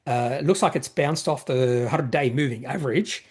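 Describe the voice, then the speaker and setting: A man's voice: mid-range voice, normal speed, breathy edge. A man hosting an investing channel, answering viewer questions in a rambling, self-correcting way with plenty of fillers. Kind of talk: casual market commentary, reading viewer questions.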